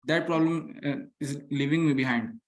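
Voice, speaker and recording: A student from India asking his teachers for advice, deferential and halting, saying "sir" often. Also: on the high side, steady tone. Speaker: student caller.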